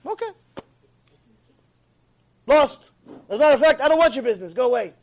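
A man giving an animated, emphatic ethics lecture as a Torah teacher. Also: extremely high pitch, a little fast.

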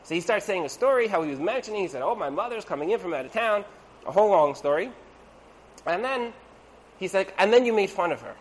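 In a relaxed evening session on Torah and marriage, this man keeps things conversational, throwing out rhetorical "right?"s and performing the quoted voices himself. He speaks a little fast, with a high voice, lively intonation, and a slight hiss or hum in the audio.

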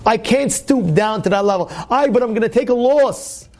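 A man giving an informal Torah talk to young listeners, animated and repetitive, full of fillers and restarts. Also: very high-pitched, normal speed. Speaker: Torah teacher.

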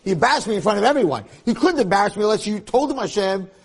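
Male rabbi, husky voice, very lively pitch, dramatic shifts from quiet to loud. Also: racing. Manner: animated, swings between hushed and loud passionate emphasis. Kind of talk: Torah lecture.

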